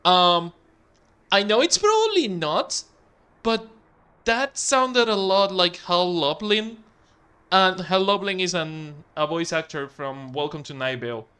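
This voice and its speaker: A man casually commenting while playing a video game, excitable and swearing freely. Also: high voice, a little slow, clear, resonant tone. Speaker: gaming streamer. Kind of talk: casual let's-play commentary.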